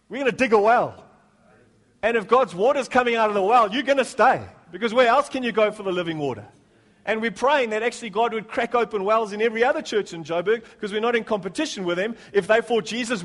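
A man leading a church service, praying and preaching in a jokey manner that rises to fervent delivery. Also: high-pitched. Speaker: pastor. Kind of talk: sermon with prayer.

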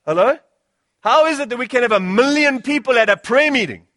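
South African male preacher, high voice, dry close sound, punchy repeated phrases. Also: lively intonation, fairly quick, fairly bright tone, no room sound. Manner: rhetorical, repeating phrases and asking "Hello?". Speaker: pastor. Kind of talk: sermon.

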